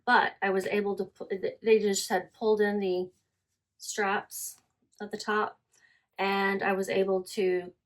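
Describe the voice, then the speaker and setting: A woman chatting casually about items she resold online, correcting herself as she goes and reading out listing details. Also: medium pitch. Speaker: online reseller. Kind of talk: casual selling vlog.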